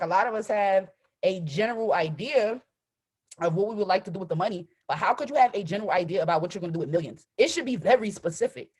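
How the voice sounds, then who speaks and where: A woman leads a live motivational session as a trading coach, with a slightly husky, breathy voice at a middle pitch. She speaks emphatically and with animation. She keeps punctuating her points with a quick "right?". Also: darkish tone. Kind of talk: live-streamed motivational talk.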